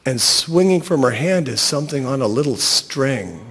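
A man reading a short story aloud in a wry, deadpan storytelling voice. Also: mid-range voice, moderate pace, big-room sound, slight background noise. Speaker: narrator.

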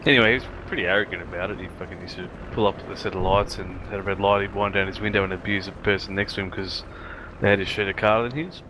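A man's voice: sits low, fairly even intonation, fast. A man leading a squad in casual gaming chat, swearing freely and spinning long joke stories. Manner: swearing, storytelling, does character voices in jokes. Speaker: squad leader. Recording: game audio noise behind.

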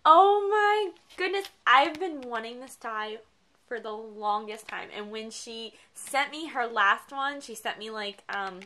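Bright, gushing woman vlogger. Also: on the high side, unhurried. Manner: gushing, excitable, gasping and repeating "oh my goodness". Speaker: craft vlogger opening a gift package. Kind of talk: casual unboxing chat.

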